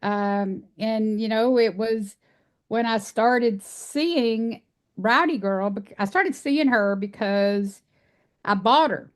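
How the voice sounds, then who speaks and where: A woman's voice: fairly high pitch, slow pace. Texan woman, interview guest, earnest folksy storyteller. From Texas. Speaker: guest, animal rights speaker. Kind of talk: casual interview conversation.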